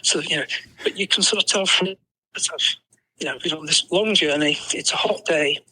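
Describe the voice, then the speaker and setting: An English man in his sixties tells a story on a podcast, his voice very bright and cutting but breathy and husky. He sits a touch high for a man and laughs at his own mishaps, stringing lines together with "you know". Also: fairly quick, low-quality recording. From England. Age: 60s. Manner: animated anecdotal telling with self-deprecating laughs and frequent "you know". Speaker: podcast guest. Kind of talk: storytelling in conversation.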